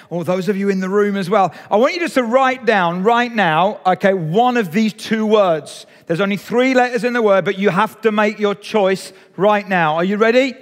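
Preaching to his church and an online audience, a male pastor talks in a high voice with a chatty, engaging manner. The sermon comes from a church hall, is streamed online, and has a long reverb tail.

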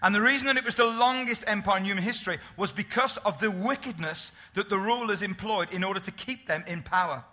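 Casting: man preaching, high and very bright voice, emphatic, keeps firing questions at the room. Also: quick pace, hardly any pauses. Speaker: pastor. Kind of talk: sermon.

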